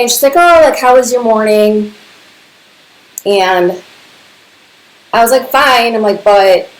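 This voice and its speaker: A woman's voice: lowish voice, darkish tone, a little hiss or hum. A woman casually telling personal stories, chatty and laughing often, filling her talk with "like". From Serbian family. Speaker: podcast host. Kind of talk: casual storytelling. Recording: echoey room.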